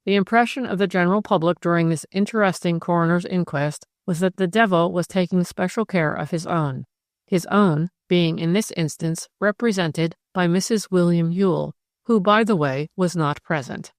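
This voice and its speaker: A woman narrates a classic mystery audiobook with a measured, even reading. Her voice sits on the lower side. The recording is dry and close. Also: no room sound. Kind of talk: scripted narration.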